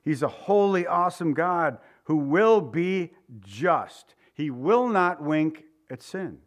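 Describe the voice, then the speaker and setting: Animated higher-voiced male preacher. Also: slow pace. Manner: animated storytelling with chuckles and acted-out voices. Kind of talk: sermon.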